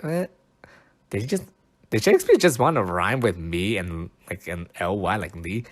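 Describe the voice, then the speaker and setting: A man's voice: sits low, very animated, moderate pace. A man hosting a casual podcast, bemused and poking fun at himself as he talks. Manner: bemused, self-mocking, laughs at himself. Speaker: podcast host.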